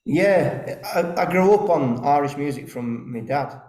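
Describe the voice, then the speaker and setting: Recorded amid the echo of a rehearsal room, this East Midlands frontman rambles through stories in a relaxed interview. His pitch is fairly high and his delivery animated yet unhurried, with a darkish tone.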